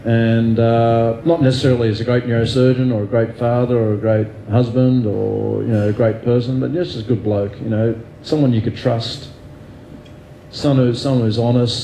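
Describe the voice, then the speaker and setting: A man's voice: mid-range voice, little pitch movement, normal speed, dark tone, reverberant, a little hiss or hum, low-quality recording. An Australian man speaking as an interview guest, candid and self-deprecating, thinking aloud with fillers and restarts. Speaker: guest neurosurgeon.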